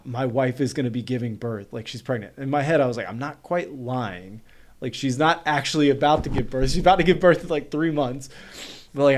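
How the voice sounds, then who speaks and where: A man in his thirties from North Carolina, a podcast guest telling a story in casual conversation, quick and animated, with lots of "like" fillers. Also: medium pitch.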